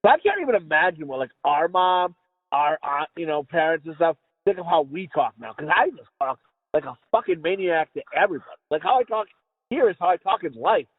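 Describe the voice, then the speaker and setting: High lively guy cussing thru his stories, tinny dry sound like a phone line. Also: a little fast, breathy edge, no echo. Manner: swearing, animated storytelling. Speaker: podcast co-host. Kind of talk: casual chat.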